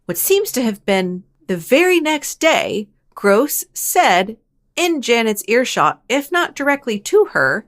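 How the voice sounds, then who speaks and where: A woman hosting a paranormal storytelling show, narrating casually and chattily with wry asides and quick self-corrections. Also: a little high, sing-song. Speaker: host of a paranormal storytelling channel.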